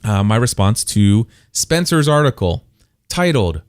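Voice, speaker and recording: A man's voice: fairly low pitch, sing-song, moderate pace, no echo, clean studio sound. A man hosting his own podcast in a casual solo monologue, chatty and digressive, often breaking off to add his own comments. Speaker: podcast host.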